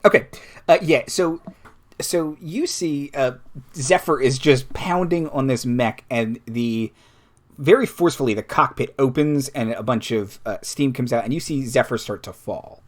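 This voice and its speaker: A man's voice: mid-range voice, unhurried. A man running a tabletop game as game master, describing scenes with lots of fillers.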